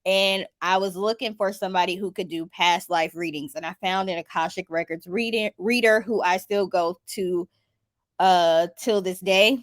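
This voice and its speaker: A woman's voice: fairly low pitch, fairly even intonation, moderate pace, dry recording, studio quality. A woman telling a personal story in a casual, chatty vlog style, with lots of "like" and "um". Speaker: spiritual vlogger.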